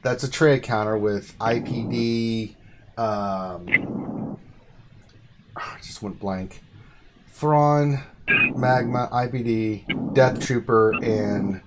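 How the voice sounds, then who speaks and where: Male stream host, excitable, medium pitch, over steady hiss and clicks. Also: slow pace, pauses often. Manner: excitable, bursts of exclamation. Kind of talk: casual gaming chat.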